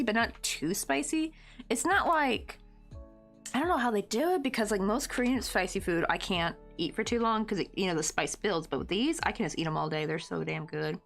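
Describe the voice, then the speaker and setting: A woman's voice: medium pitch, vocal fry. A woman chatting casually with viewers while crocheting, rambling along with lots of "like" and frequent laughter. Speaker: crochet livestreamer.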